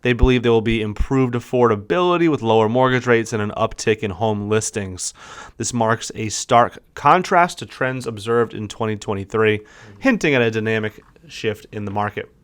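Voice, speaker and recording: Smooth-voiced upbeat male podcast host. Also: lowish voice, moderate pace. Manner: upbeat, reads market forecasts aloud and quizzes his partner. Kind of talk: casual podcast chat.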